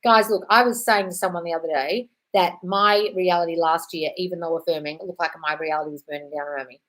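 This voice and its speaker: A woman's voice: fairly low pitch, steady tone, fast talker. A young British woman hosting a casual live Q&A, blunt and swearing freely, calling listeners darling. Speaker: host answering viewer questions.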